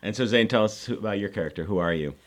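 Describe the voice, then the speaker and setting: A man with a very low voice hosts a relaxed interview. He asks questions in a playful, joking way. The feel is easygoing conversation. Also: racing. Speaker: host. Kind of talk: casual interview chat.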